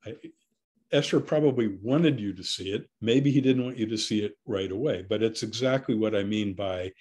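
A middle-aged man giving an art lecture as a curator, speaking thoughtfully with pauses and fillers. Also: lowish voice, darkish tone, slightly rough.

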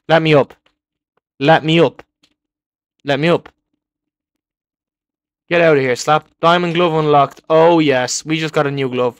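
A young man commenting live on his own gameplay, excitable and repeating words in bursts as he taunts other players. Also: a little high, no room sound, studio quality. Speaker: gaming video creator.

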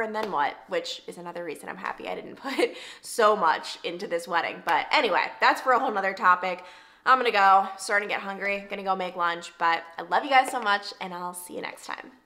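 A young woman from Long Island, New York, chatting casually to camera in a vlog, her voice worn hoarse, full of "like" fillers. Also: medium pitch, pushed and bright. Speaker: lifestyle vlogger. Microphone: camera mic, sitting at camera.

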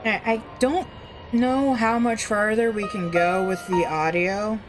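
A woman's voice: medium pitch, steady tone, a little slow, over music. A woman live-streaming a game, chatting in a rambling, blunt way and swearing offhand. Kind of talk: casual live-stream chat.

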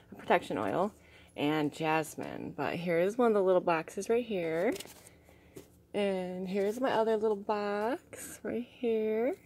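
A young woman talks to her viewers with eager, gushing excitement, a bit out of breath as she shows off her things. Her voice sits a little low for a woman, and now and then she slips into soft, hushed asides. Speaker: vlogger. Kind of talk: casual unboxing chat.

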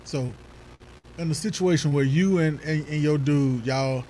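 Guy cohosting a chat show, tells stories big and animated, bit of faint background noise. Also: on the high side, unhurried, rough recording. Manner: animated storyteller, acts out voices of others. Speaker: podcast co-host; youth football coach. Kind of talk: casual chat.

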